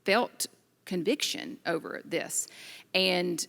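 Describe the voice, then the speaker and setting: A woman's voice: on the low side, takes it slowly, gravelly, long reverb tail. A middle-aged mother telling her family's story candidly and with feeling, laughing at times. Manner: emotional, animated storytelling with laughter. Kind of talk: candid testimony in a group discussion.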